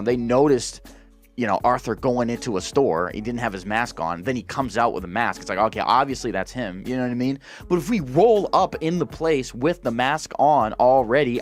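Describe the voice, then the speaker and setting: A man hosting a gaming channel, ranting casually and profanely, exasperated and full of restarts. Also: medium pitch.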